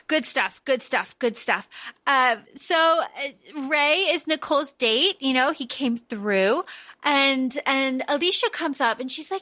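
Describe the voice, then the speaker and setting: A woman's voice: high voice, animated, measured pace, sharp tone. A woman co-hosting a podcast, recapping a movie in casual chat, enthusiastic and laughing as she retells scenes. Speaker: podcast co-host.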